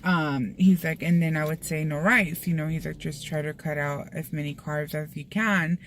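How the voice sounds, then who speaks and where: A woman's voice: low-pitched, fairly even intonation, normal speed, a little hiss or hum. A young woman chatting casually to camera, full of fillers, slipping in Spanish phrases, from a Mexican-American family. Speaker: vlogger.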